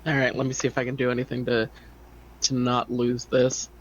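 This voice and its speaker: A man's voice: medium pitch, completely flat delivery, a little fast, highs cut off, slight background noise. A man playing a tabletop game, joking in a cocky way. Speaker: player.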